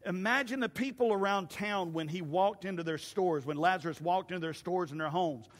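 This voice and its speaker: A male pastor preaching an animated sermon, swinging from shouts to hushed asides. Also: sits high, fairly quick. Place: church sanctuary. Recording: long church reverb.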